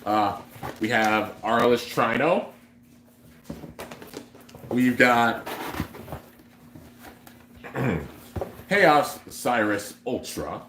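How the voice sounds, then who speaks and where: A man's voice: mid-range voice, animated, very slow, pauses often, a bit bright, echoey room, a little hiss or hum. A young man hosting a toy giveaway on a livestream, chatty and upbeat as he reads out comments from viewers. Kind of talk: casual livestream chat.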